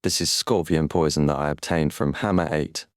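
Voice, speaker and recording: A man reading a calm, calculating fire wielder. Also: extremely low pitch, normal speed, clear, resonant tone, no room sound, studio quality. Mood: composed. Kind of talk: audiobook character reading.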